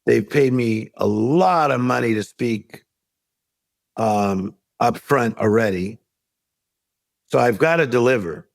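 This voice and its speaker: Man, gravelly, dry close sound, animated storyteller, middle-aged, podcast guest. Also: medium pitch, takes it slowly, long pauses, no room sound. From United States. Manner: animated storyteller acting out quoted voices. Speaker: guest, life coach.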